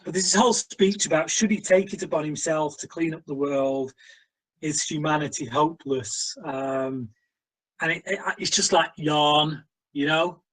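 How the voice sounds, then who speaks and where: A man's voice: a little high, normal speed, a bit bright, poor audio. A man co-hosting a casual film review chat, a blunt, exasperated critic who uses many fillers. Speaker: co-host of a film review show.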